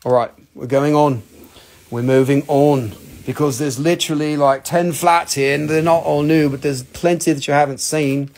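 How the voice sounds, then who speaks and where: A man's voice: fairly high pitch, fairly even intonation, normal speed, darkish tone. A man hosting a live rock and mineral sale, rambling and joking, swearing freely as he shows stones. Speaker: host selling rocks on a live show. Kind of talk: casual live sales stream.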